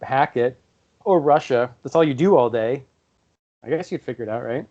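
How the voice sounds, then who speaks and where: A young man co-hosting a podcast, talking in a relaxed, offhand way and swearing casually. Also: medium pitch, normal speed. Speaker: podcast co-host. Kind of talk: casual chat. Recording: dull lo-fi podcast audio.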